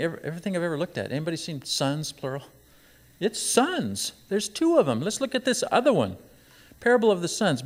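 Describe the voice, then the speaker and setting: A man preaching a sermon, reading scripture aloud and pressing his points with emphatic rises and rhetorical questions. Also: on the high side. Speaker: pastor. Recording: long hall reverb.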